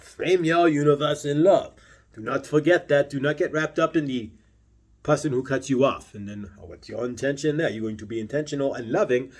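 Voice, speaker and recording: A man speaking as a spiritual channeler, delivering a slow, deliberate talk full of repeated questions. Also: mid-range voice, darkish tone, slightly rough.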